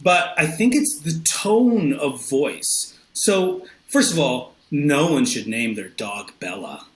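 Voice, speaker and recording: A man guesting on a podcast, chatting casually and telling animated stories, laughing often. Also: on the high side, slow. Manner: animated storytelling, laughs often, acts out quotes. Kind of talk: casual chat. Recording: roomy echo.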